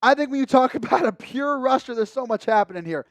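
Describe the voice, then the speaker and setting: A young man hosting a live sports stream, chatting casually about the game and shouting with excitement at big moments, a little hoarse from losing his voice. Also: very high voice, fast talker, no room sound. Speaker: sports livestream host. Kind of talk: live game commentary and chat. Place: home streaming setup with a monitor.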